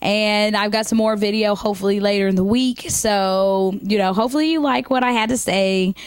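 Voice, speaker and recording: A woman in her thirties telling comic stories to camera in a chatty, animated way with lots of fillers. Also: medium pitch, normal speed, smooth, no echo. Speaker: comedian. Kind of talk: stand-up comedy monologue to camera.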